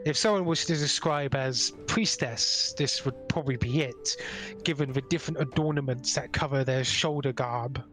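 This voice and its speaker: Relaxed game master narrating a scene. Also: mid-range voice, normal speed, music in the background. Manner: descriptive, relaxed, with filler words.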